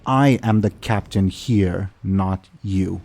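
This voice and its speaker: A man voicing a calm, honorable male orc who was once a ship captain, speaking formally and in a measured way. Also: deep voice, gravelly, exaggerated voice. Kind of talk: tabletop game role-play.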